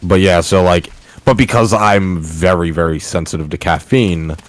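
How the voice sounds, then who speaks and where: A man's voice: low voice, steady tone, normal speed. A young man in casual chat as a stream co-host, joking and self-deprecating, laughing often.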